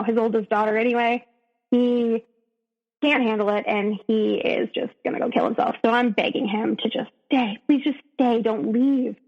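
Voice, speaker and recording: A woman recounts a painful story with raw emotion, often rushing and restarting her sentences. Her voice sits fairly high and sounds husky and breathy. The recording is dull and lo-fi, with a long reverb around her. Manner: emotional, rushed retelling with restarts. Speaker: podcast guest. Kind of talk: personal story in conversation.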